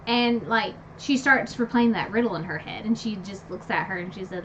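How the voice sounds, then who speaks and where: Bright, excitable woman recapping a book. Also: normal speed, hardly any pauses, highs cut off, a little hiss or hum. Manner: animated, gushing, many fillers, jumps to high squeals when excited. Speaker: book review vlogger.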